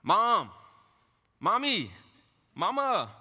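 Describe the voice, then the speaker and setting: A little boy calls again and again for his mother, high-pitched and insistent, as a man puts him on. The voice is bright and cutting. A long reverb trails behind, as in a big hall. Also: wildly swooping pitch, extremely slow, husky, full character voice. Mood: pleading calls. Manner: plaintive repeated calling, high and loud. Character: little boy calling for his mom from bed. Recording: echoey hall.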